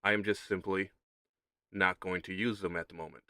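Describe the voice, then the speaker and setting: A man's voice: sits low, steady tone, normal speed, pushed and bright, clear, resonant tone, no room sound. A man talking to his stream audience in casual commentary, repeating points for emphasis.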